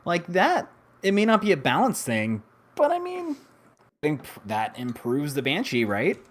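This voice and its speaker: A man's voice: fairly high pitch, huge pitch swings, measured pace. Rambling jokey man, faint noise behind. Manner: rambling, jokey, self-mocking. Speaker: podcast co-host. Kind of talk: casual gaming chat.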